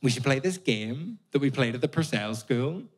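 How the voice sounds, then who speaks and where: A man voicing an earnest young English woman student, speaking slowly and keenly, with an audience laughing. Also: mid-range voice, lively intonation, lightly acted. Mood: eager. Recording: live audience laughter in a venue.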